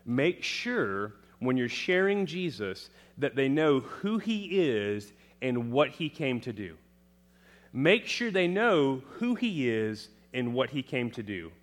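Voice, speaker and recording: A man delivering a sermon with a very lively, swinging pitch. He rises to loud, emphatic proclamations and sinks back to quiet low lines, often putting questions to the congregation and answering them himself. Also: slow pace. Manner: dramatic, rising to loud emphatic proclamations then dropping low. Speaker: preacher.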